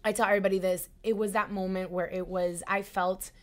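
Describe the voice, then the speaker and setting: A woman in her twenties, an actress, telling a personal story in an interview with lively, emotional delivery. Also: mid-range voice, brisk. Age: 20s. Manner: animated, emotional, acts out quoted voices. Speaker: actress guest.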